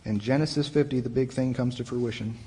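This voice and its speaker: This young youth pastor speaks a little fast in a mid-range voice, his sermon bouncing around a church hall with a long reverb tail. He's conversational and animated, putting the story into his own casual language and restarting lines now and then.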